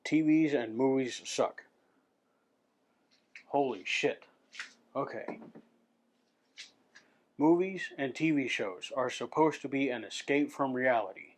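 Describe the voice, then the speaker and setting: A man rants straight into his camera mic in a loose, unscripted vlog. His voice sits at an ordinary middle pitch. He swears a lot and keeps tripping over his words as he restarts his sentences. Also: slow, long pauses. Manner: profane, restless, repeats and restarts words. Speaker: vlogger.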